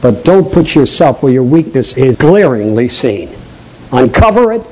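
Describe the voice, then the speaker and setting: A man with a New England accent preaching a sermon, stressing points loudly, dropping into low asides and putting questions straight to the congregation. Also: very animated, moderate pace, poor audio. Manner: emphatic preaching, swinging between loud high stresses and low quiet asides; draws the congregation in with direct questions.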